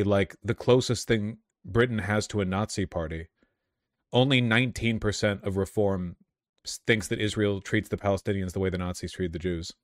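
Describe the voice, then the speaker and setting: Brief: man streamer, sarcastic and swearing, lowish voice, close dry sound. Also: no room sound. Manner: sardonic, profane, laughing asides. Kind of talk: casual political commentary.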